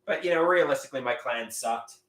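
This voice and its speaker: A man hosting a live stream, rambling and singing improvised songs in a loud, crude, self-mocking way. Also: mid-range voice, brisk. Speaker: livestream host. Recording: roomy echo.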